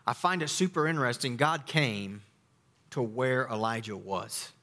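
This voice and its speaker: A middle-aged man preaching a sermon as a pastor, emphatic, with dramatic pauses and sudden quiet drops. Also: medium pitch.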